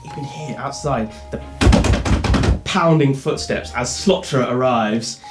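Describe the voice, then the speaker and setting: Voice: medium pitch, slow. A game master, narrating a tabletop game in a giggly, rambling way. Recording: echoey room with music behind.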